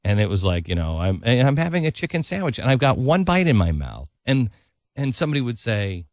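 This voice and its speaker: Earnest, animated male talk host. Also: medium pitch, brisk, no room sound, clean studio sound. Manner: earnest, preachy, animated storytelling. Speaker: radio talk show host. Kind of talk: casual talk radio chat.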